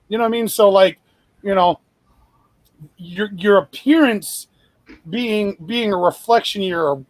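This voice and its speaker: Rambling, cursing man with a high voice. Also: dry recording. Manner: rambling, profane, lots of fillers and restarts. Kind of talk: casual chat.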